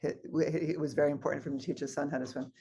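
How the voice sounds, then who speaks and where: A woman's voice: low-pitched, fairly even intonation, quick pace, dark tone, breathy edge. Woman minister asking reflective questions. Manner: reflective, asks questions of the congregation. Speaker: guest minister. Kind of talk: sermon.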